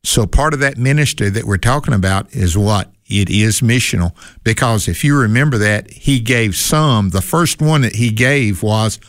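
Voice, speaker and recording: A man's voice: on the low side, animated, moderate pace, hardly any pauses, no room sound, clean studio sound. A man co-hosting a casual Bible teaching chat who likes to pose rhetorical questions. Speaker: co-host.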